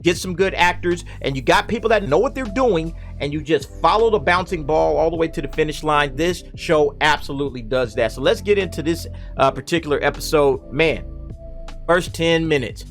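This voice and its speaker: Animated man reviewing a TV episode. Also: fairly high pitch, moderate pace, faint music behind. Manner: animated, conversational, acts out characters' lines. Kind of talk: casual spoken review.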